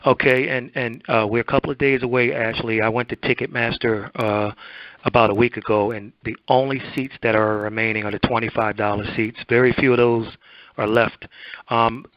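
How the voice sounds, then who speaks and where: A hoarse man hosting a boxing interview show, talking in a halting, rambling way. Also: medium pitch, fairly even intonation, dry recording. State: hoarse, voice almost gone. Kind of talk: radio-style interview and commentary. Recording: dull lo-fi dry recording.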